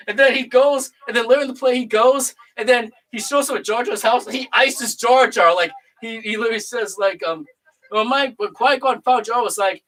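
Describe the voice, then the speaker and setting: A channel host chatting casually, rambling through a story with acted quotes and excitable bursts. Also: medium pitch, moderate pace, low-quality recording. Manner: excitable, bursts into loud laughing shouts. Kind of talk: casual recap chat.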